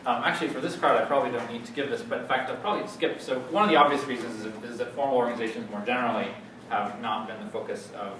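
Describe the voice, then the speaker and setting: A man's voice: mid-range voice, fairly even intonation, fairly bright tone. Man lecturing in an echoey hall. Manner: halting, many fillers and restarts. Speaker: guest lecturer. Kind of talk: academic lecture. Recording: echoey hall, distant mic, noisy.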